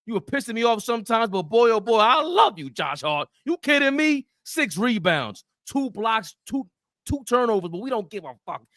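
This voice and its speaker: A very high-pitched man rattles through a post-game recap with hype and loud trash talk. His voice sits close and dry on the mic, with no room sound around it. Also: sing-song, normal speed, dry recording. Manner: hyped, trash-talking, shouts insults. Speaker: podcast co-host.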